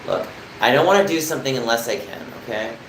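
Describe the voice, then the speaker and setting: A man's voice: mid-range voice, lively intonation, fast talker. Young male streamer from New Jersey, rambling live chat with viewers, echoey room with faint air-con hum. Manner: chatty, rambling, answers chat comments. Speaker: livestreamer.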